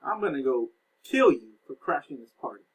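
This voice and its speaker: A man's voice: medium pitch, sing-song, normal speed, husky, poor audio. A man voicing a hot-tempered young nobleman who angrily threatens to fight. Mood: threatening. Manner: angry, threatening.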